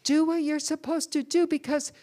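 A woman's voice: high voice, flat delivery, normal speed, warm tone. A woman preaching a sermon in church, calling on the congregation to answer back. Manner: call-and-response preaching to a congregation.

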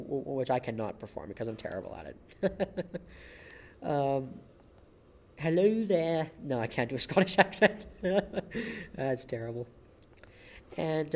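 A man's voice: medium pitch, darkish tone. A man hosting a solo podcast episode, narrating facts in a casual way. He stumbles often, restarts his sentences and repeats words. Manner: chuckles at his own jokes.

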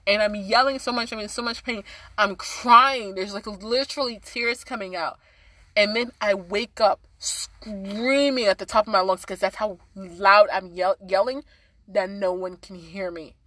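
A woman's voice: mid-range voice, steady tone, unhurried, a bit bright, dry recording. A woman speaking earnestly and passionately in a casual conversation, with many fillers.

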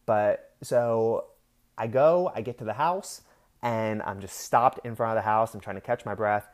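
A man's voice: on the low side, a little slow. A young man telling a heated story in a casual rant, swearing freely.

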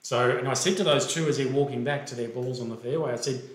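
An Australian man telling a golf story in a loose, animated way, slipping into the voices of the people he quotes. His voice sits at an ordinary middle pitch. The room around him rings with a clear echo. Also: quick pace. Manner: animated, acts out quoted dialogue. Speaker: golf referee and podcast co-host. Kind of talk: casual storytelling.

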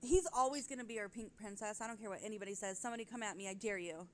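A woman's voice: medium pitch, racing, a bit bright. A woman hosting a podcast in casual chat, rambling and giggly, often breaking off to correct herself. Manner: rambling, giggly, self-interrupting. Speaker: podcast host.

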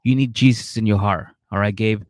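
A man voicing an excitable, preachy middle-aged father, loud and swearing. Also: on the low side, fairly quick, no room sound, studio quality, lightly acted.

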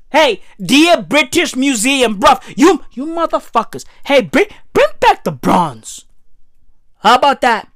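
A woman rants in a heated, profane, repetitive way. Her voice sits high and swings widely in pitch. The sound is dry and close, with no room echo. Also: very animated, a little slow. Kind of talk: profane ranting monologue.

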